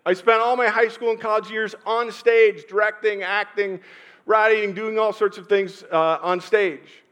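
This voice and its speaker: A middle-aged male pastor with a voice pitched a little above the usual for a man, preaching a sermon. He tells personal stories unhurriedly, pausing often, then swelling in loudness to drive a point home. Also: fairly even intonation, clean tone. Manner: personal storytelling with pauses and sudden swells in loudness.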